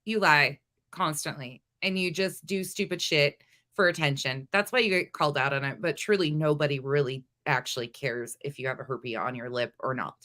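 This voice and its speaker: Low-voiced scornful woman. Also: moderate pace, sharp tone. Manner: scornful, blunt, swearing. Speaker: commentary channel host. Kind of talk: reaction commentary.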